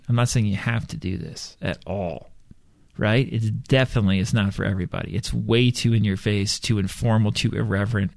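A man's voice: lowish voice, creaky, no echo, studio quality. A man giving a motivational self-help monologue, speaking in a blunt, profane, irreverent and emphatic way.

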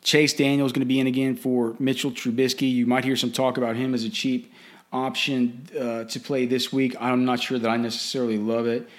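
A man's voice: medium pitch, level tone, a little fast. A man giving casual fantasy football and betting commentary in a blunt, opinionated way, often restarting and repeating words.

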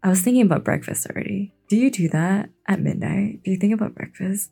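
A woman giving a relaxed late-night fantasy reading, hesitant and chatty, stumbling and breaking off for asides. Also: medium pitch, brisk, vocal fry, husky. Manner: laid-back, hesitant, self-interrupting. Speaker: bedtime reader.

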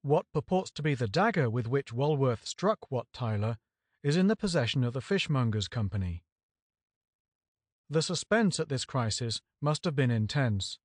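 A man's voice: medium pitch, dry recording. Man reading history, dry close sound. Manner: measured, even reading with quoted passages marked aloud. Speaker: audiobook reader. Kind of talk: scripted narration of a history book.

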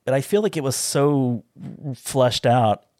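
A man's voice: medium pitch, animated, a little slow, darkish tone, dry recording, clean studio sound. A man co-hosting a casual movie chat, talking with enthusiasm. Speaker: podcast co-host.

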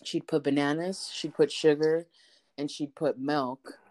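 A woman telling family stories in a casual podcast chat, animated and swearing, acting out the people she quotes. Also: low voice, measured pace. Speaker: podcast co-host.

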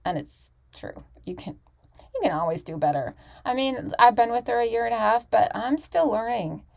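A woman's voice: on the high side, expressive, normal speed, creaky. A woman hosting her own podcast and talking through a casual solo monologue in a candid, emphatic way, often restarting her sentences. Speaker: podcast host.

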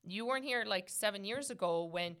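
A woman hosting a podcast, chatting casually and acting out quick quoted asides. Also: medium pitch. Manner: animated, talks fast with quick quoted asides. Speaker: podcast host. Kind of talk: casual chat.

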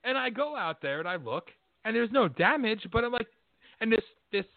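A man's voice: very high voice, very animated, normal speed, creaky, no room sound. A man hosting a casual conversation, telling a story bluntly with plenty of profanity and getting more worked up as he goes. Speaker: host. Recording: tinny phone-line audio.

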